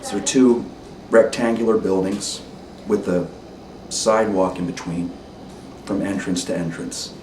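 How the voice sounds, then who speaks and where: A man telling a story in a deliberate, measured way, pausing to set the scene. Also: low-pitched, fairly even intonation. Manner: deliberate, careful, with pauses and ums. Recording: roomy, distant mic with noise.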